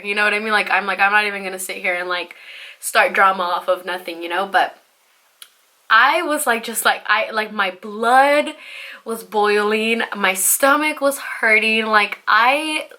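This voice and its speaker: A young woman telling a storytime vlog in a chatty, animated way, full of "like" and "you know", and swearing freely. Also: medium pitch, normal speed. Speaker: vlogger.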